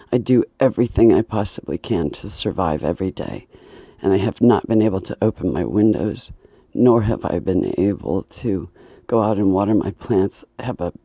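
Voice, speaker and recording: A singer and breathing teacher, a woman with a hoarse, broken voice, speaking in a halting, pleading, aggrieved personal monologue indoors at home. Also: very deep voice, mellow, dry recording.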